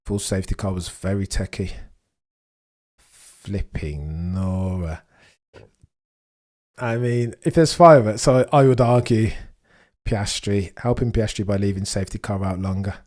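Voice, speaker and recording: A young man hosting a live race watchalong, chatting excitedly to his viewers and firing off rhetorical questions. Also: on the low side, a little slow, long pauses. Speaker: livestream watchalong host.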